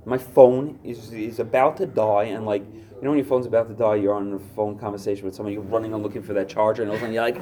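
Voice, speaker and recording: A man's voice: lowish voice, quick pace, hardly any pauses, warm tone. A man speaking to a recovery group workshop, earnest and searching, with many fillers as his talk builds in intensity. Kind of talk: personal share at a recovery workshop.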